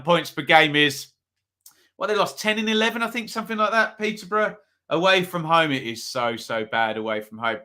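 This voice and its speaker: A man's voice: a little high, sharp tone. A man hosting a live football predictions stream, chatting casually and reading viewers' comments. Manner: chatty, asks chat for predictions, reads comments aloud. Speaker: football preview host.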